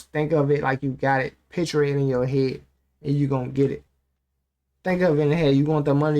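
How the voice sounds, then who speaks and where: A man's voice: fairly high pitch, creaky, a little mellow. Laid-back man, slangy casual commentary. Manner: slangy, loose, talks straight to viewers. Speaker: channel host reacting to an audiobook.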